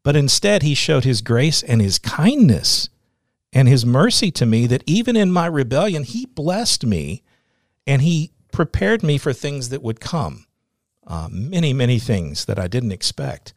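A man's voice: mid-range voice, big pitch swings, a little slow, no echo, clean studio sound. A middle-aged man, a radio host as guest, telling his faith story in an earnest, reflective way. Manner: earnest, reflective, laughs easily.

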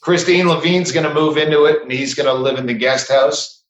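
A man's voice: on the high side, fairly quick, reverberant, rough recording. A man guesting on a podcast, chatting offhandedly in casual conversation. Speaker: guest comedian. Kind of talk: casual chat.

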